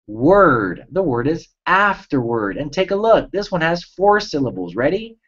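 Man, reading tutor, children's lesson, cheerful, slow careful enunciation, lively intonation, muffled lo-fi recording. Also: on the high side. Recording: dull lo-fi recording.

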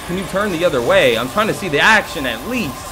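A man commentating his own horror game playthrough, excitable, joking and yelling for help as he plays. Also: fairly high pitch, brisk. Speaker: gaming channel host. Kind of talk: let's play commentary.

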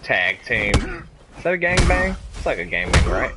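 A man streaming a fighting game who jokes around and reacts loudly to the action. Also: mid-range voice, moderate pace, over loud music. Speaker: gaming streamer. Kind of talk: casual gameplay commentary. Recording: steady background noise.

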